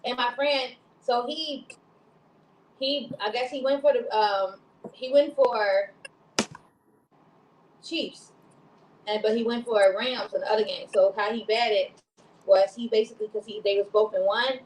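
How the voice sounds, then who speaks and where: A woman's voice: fairly high pitch, measured pace, pauses often, roomy sound, a little hiss or hum, rough recording. A woman from Chicago co-hosting a casual talk show, rambling and laughing often. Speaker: co-host. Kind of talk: casual chat.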